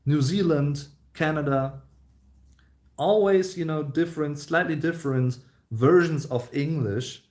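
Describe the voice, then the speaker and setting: A man with a German accent hosting a casual livestream question-and-answer chat, speaking English as a second language in an easygoing, rambling way with many fillers and restarts. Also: mid-range voice. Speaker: host.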